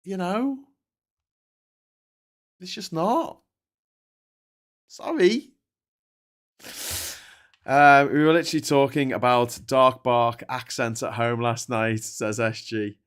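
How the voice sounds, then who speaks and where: A man's voice: mid-range voice, slow, long pauses, clear, resonant tone. Sweary, chatty man. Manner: sweary, chatty, many restarts and laughs. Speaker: livestream host reading chat. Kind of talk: casual political commentary. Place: at home with a dog.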